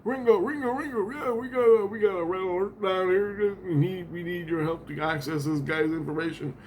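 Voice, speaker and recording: A man's voice: high voice, fairly even intonation, fairly quick, a little mellow, slight background noise, voice pushed up, close to an everyday voice. A man voicing a frantic male spirit on the phone, calling urgently for help.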